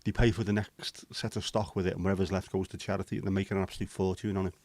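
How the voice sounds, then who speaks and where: A man's voice: sits low, little pitch movement, racing, a little mellow, no echo. A man, hosting a casual livestream chat, bantering with viewers and swearing casually. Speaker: livestream host.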